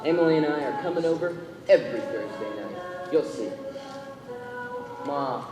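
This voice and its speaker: A man's voice: fairly high pitch, lively intonation, moderate pace, natural voice. A boyish young groom protests anxiously on a school stage, played by a teenage boy. The voice rings through a reverberant hall with music underneath. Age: teens. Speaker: student actor. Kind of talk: stage acting. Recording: echoey hall with music behind.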